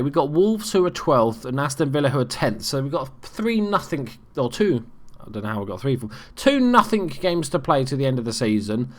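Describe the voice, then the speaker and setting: A man's voice: medium pitch, very animated, moderate pace, hardly any pauses. A young man giving casual, sweary commentary on his football management game as host. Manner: swears freely, reacts loudly to plays. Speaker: let's play host.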